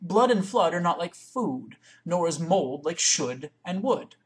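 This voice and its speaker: A woman reading a poem aloud in one take into a webcam, with careful, deliberate, word-by-word recitation. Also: lowish voice, expressive. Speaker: reader.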